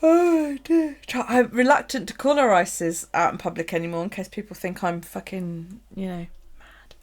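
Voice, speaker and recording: Hosting a late-night bullet-journal livestream, a woman rambles through casual chat, laughing a lot and swearing freely. Her voice is medium in pitch and her pace is normal.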